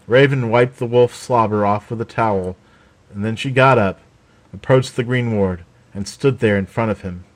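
A man's voice: lowish voice, normal speed. Man narrating a fantasy story.

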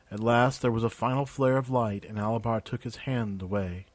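A man narrating a fantasy story in an even, measured way. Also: mid-range voice, no echo. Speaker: audiobook narrator.

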